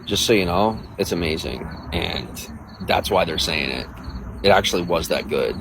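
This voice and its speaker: A man's voice: sits low, animated, normal speed, gravelly, noisy background. A man livestreaming, chatting casually with viewers and reading out their comments in a crude, boastful, rambling way.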